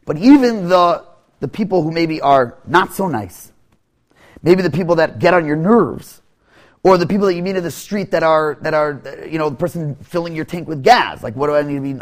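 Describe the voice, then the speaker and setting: A man telling a teaching story, often halting, repeating words and restarting. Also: on the high side, lively intonation. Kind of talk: storytelling lesson.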